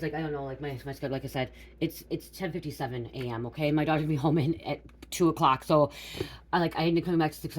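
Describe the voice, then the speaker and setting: A psychic reader, an adult mother of school-age daughters, rambles casually through a spiritual reading, often restarting and checking in with "okay?" and "you guys." Her voice is low and darkish, and the recording is rough.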